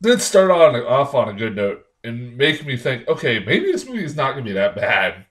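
A man's voice: medium pitch, big pitch swings, moderate pace, a bit bright. A young man giving a casual, rambling movie review, profane and irritated, with lots of fillers and restarts.

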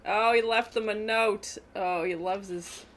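A woman hosting a casual movie reaction, chatting and exclaiming loudly at scary scenes. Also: mid-range voice, steady tone, unhurried, poor audio. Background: movie soundtrack playing.

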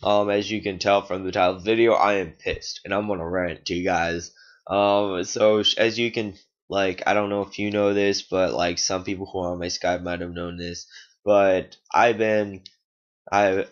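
A young man ranting in frustration to his viewers, rambling with lots of fillers and swearing. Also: low-pitched. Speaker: YouTube gamer. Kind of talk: angry rant to camera. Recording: dull lo-fi sound.

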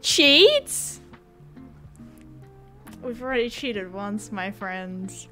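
A woman's voice: mid-range voice, big pitch swings, drawn-out words, sharp tone, faint music behind. A woman streaming a game live, chatting casually with her chat and giggling often as she plays. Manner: giggly, chatty, talks to chat while playing. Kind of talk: casual gaming livestream chat.

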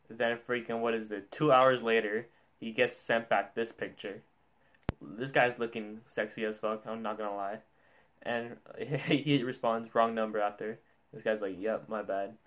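A man's voice: medium pitch, fairly bright tone. A man hosting his channel, reading funny texts aloud in casual reaction commentary, joking and swearing as he goes. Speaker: youtuber.

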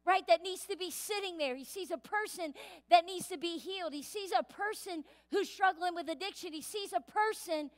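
A woman pastor preaching a sermon in a church, lively and playful, acting out voices as she goes. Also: extremely high pitch, moderate pace. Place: church sanctuary. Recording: reverberant church hall.

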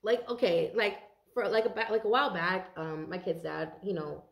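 A woman's voice: on the low side, steady tone, normal speed, vocal fry, echoey room. A tired woman doing a casual tarot reading for viewers, chatty and rambling and swearing freely. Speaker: tarot card reader.

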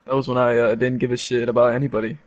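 A man's voice: mid-range voice, flat delivery, rapid-fire, darkish tone, no room sound, lo-fi sound. Offhand young man on game chat. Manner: offhand, shrugging. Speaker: tournament player. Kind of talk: casual chat.

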